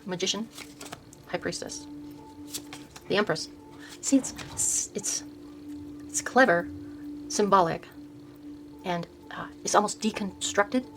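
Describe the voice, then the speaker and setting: An older woman hosting her own video, softly showing tarot decks and reading card names aloud, often trailing off and restarting words. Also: mid-range voice, fairly even intonation, slow, long pauses, music in the background, poor audio. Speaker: host showing her tarot deck collection. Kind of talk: soft-spoken casual deck walkthrough.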